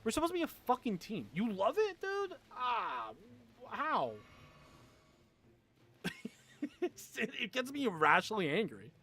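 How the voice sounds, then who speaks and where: A man's voice: very high-pitched, wildly swooping pitch, measured pace, pauses often, bright, forceful tone. Young man rambling on a gaming stream. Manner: rambling, swears a lot, laughs often. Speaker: gaming livestreamer. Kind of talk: casual livestream chat with viewers.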